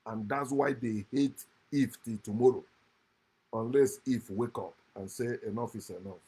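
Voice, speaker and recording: A man giving a passionate, mocking monologue on scripture, swinging from loud outbursts to low muttered asides. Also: moderate pace, slightly rough. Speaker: online speaker critiquing scripture.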